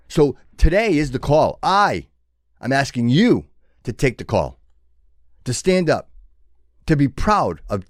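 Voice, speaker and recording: A medium-pitched man hosts his own show, delivering an impassioned motivational monologue in a preachy tone. He builds to fervent exhortation with many restarts, captured in a dry, clean studio recording.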